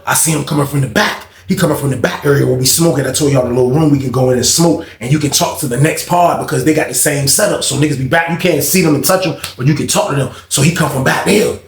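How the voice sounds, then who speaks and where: A man telling a prison story in a casual storytime vlog, animated and profane, swinging from shouting to hushed. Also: on the high side, echoey room.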